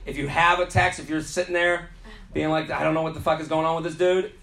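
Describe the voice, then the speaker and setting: A man hosting a comedy podcast live on a club stage, telling a story in an animated, joking way with plenty of swearing. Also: on the high side, fast talker, gravelly. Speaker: podcast host. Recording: echoey club with audience noise.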